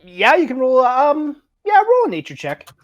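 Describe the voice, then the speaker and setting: A woman's voice: sits high, wildly swooping pitch, normal speed, dull audio. A Canadian woman narrating a tabletop game as game master, rambling with lots of fillers and laughing at herself.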